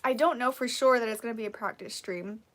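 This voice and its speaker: A woman's voice: a little high, fast talker, fairly bright tone. A woman hosting a casual live stream who reads out viewer comments, encouraging and laughing often, sleepy and yawning.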